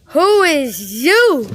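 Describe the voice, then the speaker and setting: A woman's voice: high voice, fairly bright tone, exaggerated voice. A woman voicing a cheeky house cat who talks in slang, teasing and playful, as a comic voice-over for a pet video.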